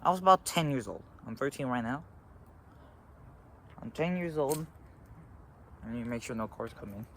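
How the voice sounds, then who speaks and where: A teenage boy telling a story to a phone camera beside a road, halting and full of fillers. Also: mid-range voice, animated, fairly bright tone. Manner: rambling, halting, with frequent fillers. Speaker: vlogger. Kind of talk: casual storytelling. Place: outdoors by a road. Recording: faint traffic noise outdoors.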